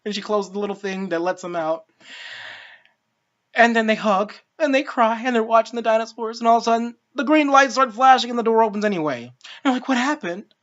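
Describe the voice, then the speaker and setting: A woman's voice: a little high, brisk. Woman ranting exasperatedly in a dull lo-fi recording. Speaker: film reviewer. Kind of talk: casual spoken film review. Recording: dull lo-fi sound.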